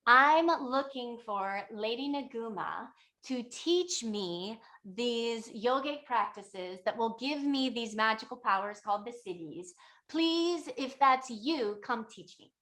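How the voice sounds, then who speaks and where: A woman's voice: mid-range voice, moderate pace, fairly bright tone, close to an everyday voice. A woman voicing an eager male spiritual seeker who pleads and stumbles over his words. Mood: pleading.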